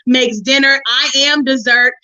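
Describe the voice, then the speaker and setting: Bright-voiced woman preaching her testimony. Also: high voice, unhurried, highs cut off. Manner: lively, preachy, calls listeners honey and sis. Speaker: host of a relationship forum. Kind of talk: personal testimony to listeners.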